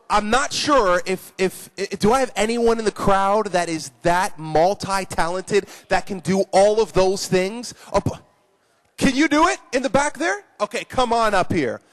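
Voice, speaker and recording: A man teaching children at a live conference session, animated and playful, praising his young volunteers. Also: high voice. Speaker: children's ministry speaker.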